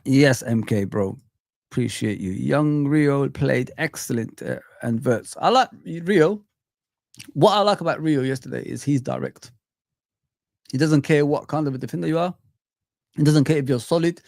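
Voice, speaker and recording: Gravelly man live-streaming. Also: medium pitch, normal speed, dry recording, clean studio sound. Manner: casual, repetitive, shouting out viewers. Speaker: fan channel host. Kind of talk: live-stream chat reading comments.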